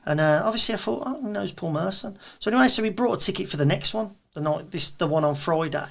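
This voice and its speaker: A man with a Birmingham accent tells stories in a casual chat as a guest, and his voice sits a little high. He lively acts out what others said along the way. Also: quick pace, creaky. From England. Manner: animated storyteller, acts out quotes. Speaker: guest, event promoter.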